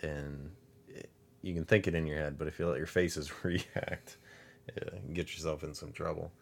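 A man in his thirties co-hosts a casual podcast. He tells stories in a relaxed, unhurried way with dry humor, and his voice is very deep. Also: vocal fry. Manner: laid-back storyteller with dry humor. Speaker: podcast co-host. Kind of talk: casual chat.

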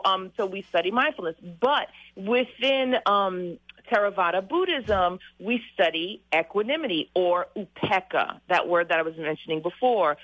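A woman's voice: medium pitch, a bit bright, highs cut off. A woman with a mid-range voice chats as a guest on a radio talk show. She is upbeat and laughs often between points. The radio sound is dry, with no room echo. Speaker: meditation retreat guest. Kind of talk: casual radio interview.

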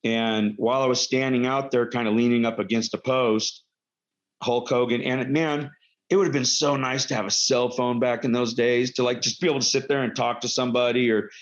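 A man's voice: medium pitch, fairly even intonation, a little fast. A middle-aged man and former pro wrestler telling stories casually, rambling with lots of fillers and self-corrections. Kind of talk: casual anecdotal storytelling. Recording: dull lo-fi recording.

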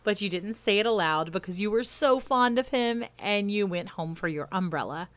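A woman reading a children's story aloud in a soft, gentle storytelling voice, addressing the listener. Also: mid-range voice, expressive, normal speed.

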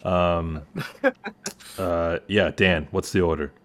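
Deep-voiced man hosting a casual podcast. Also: steady tone, takes it slowly. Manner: loose and jokey, with lots of "like" fillers. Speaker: podcast host. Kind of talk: casual chat.

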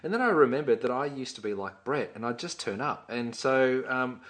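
Australian male co-host, mid-range voice, animated storyteller in casual podcast chat. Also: medium pitch, normal speed. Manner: lively storytelling, acting out quotes.

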